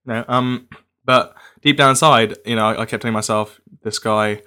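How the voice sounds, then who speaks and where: A man's voice: on the low side, fairly even intonation, moderate pace, pushed and bright, clean tone. A man, co-hosting a casual chat, hesitant and often repeating his words.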